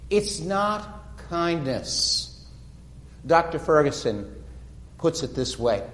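A man preaching a sermon, retelling stories dramatically and slowing down for emphasis. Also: on the high side, very animated, fairly bright tone. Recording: echoey hall reverb.

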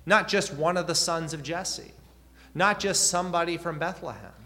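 A man's voice: on the high side, moderate pace, bright, forceful tone. A man preaching a sermon, earnest, with rising and falling emphasis and questions put to the listeners.

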